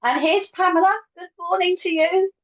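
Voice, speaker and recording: A woman's voice: very high-pitched, fairly even intonation, moderate pace. A woman co-hosting a live morning chat show, chatty and greeting viewers by name. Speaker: co-host and medium of a live psychic show. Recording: dull lo-fi sound.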